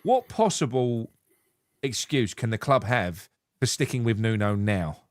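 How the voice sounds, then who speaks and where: A man from England co-hosting a casual football podcast, animated and swearing freely, reading out viewer comments. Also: medium pitch, a little slow, no room sound, clean studio sound. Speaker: podcast co-host.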